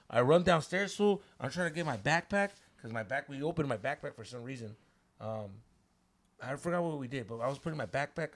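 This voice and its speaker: Animated, gravelly slangy storyteller man. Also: mid-range voice. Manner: animated, slangy, swears a lot, drops Spanish words. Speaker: podcast storyteller. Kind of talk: casual podcast chat.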